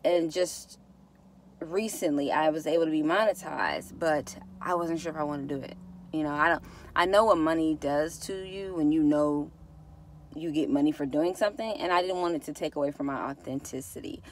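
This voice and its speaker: A woman's voice: low voice, moderate pace, slight background noise. Emotional woman. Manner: heartfelt, repeats herself, says y'all. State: close to tears. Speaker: vlogger. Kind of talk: emotional casual vlog to viewers.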